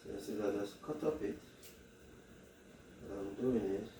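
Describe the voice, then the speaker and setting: A man with a Jamaican accent chatting slowly to viewers while demonstrating a home recipe in his kitchen. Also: lowish voice, dark tone. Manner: slow, chatty, addresses viewers directly. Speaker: cooking vlogger. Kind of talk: casual cooking demonstration. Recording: echoey kitchen, mic far off, background noise.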